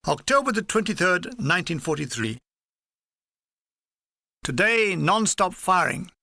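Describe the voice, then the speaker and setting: A man's voice: sits high, very animated, measured pace, vocal fry, pushed and bright, no echo. A man reading his own war memoir as an audiobook, with a dry, wry comic delivery. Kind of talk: audiobook narration.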